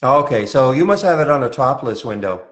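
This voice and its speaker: A man from Montreal talks casually through a live trading-room session. He answers viewer questions in a relaxed, conversational way, often restarting his sentences. His voice sits at a middle pitch. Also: a little fast, dull audio. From Montreal, Canada.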